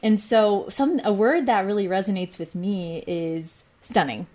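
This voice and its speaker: A woman's voice: mid-range voice, measured pace, a crowd in the background. A woman in her thirties, a mother co-hosting a talk show, talking reflectively in casual chat with many "you know" fillers. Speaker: co-host.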